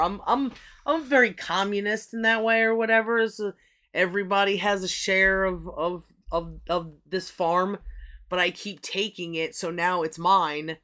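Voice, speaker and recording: A woman's voice: mid-range voice, fairly even intonation, measured pace, fairly bright tone. A woman hosting a livestream in loose, rambling chat, swearing often and restarting her sentences. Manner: profane, rambling, with frequent restarts. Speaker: livestream host.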